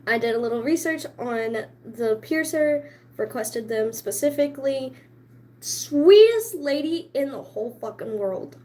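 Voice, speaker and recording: A woman vlogger chatting casually to camera, excitable and chatty, laughing often between stories. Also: high-pitched, unhurried.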